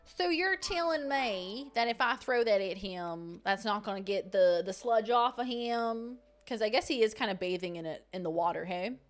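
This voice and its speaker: A young woman streamer chatting casually and playfully with her viewers while playing a game. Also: fairly high pitch. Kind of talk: casual livestream gaming chat.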